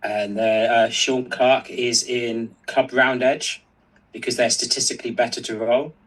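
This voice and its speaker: A man's voice: medium pitch, flat delivery, unhurried, fairly bright tone, distant mic, rough recording. A man co-hosting a stream, reading out viewer comments in casual chat, hesitant and full of fillers.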